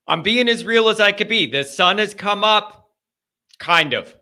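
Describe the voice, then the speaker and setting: A man's voice: on the high side, animated, measured pace, pushed and bright. A man hosting a live call-in sports talk show, speaking in an emotional, rambling, heartfelt way. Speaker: host.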